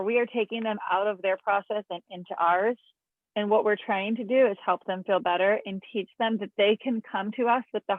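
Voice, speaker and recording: A woman's voice: medium pitch, no room sound. Woman therapist on a tinny call line. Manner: gentle, earnest, speaks in parent-to-child example phrases. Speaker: child and family therapist. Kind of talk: online parenting talk. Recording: tinny phone-like call audio.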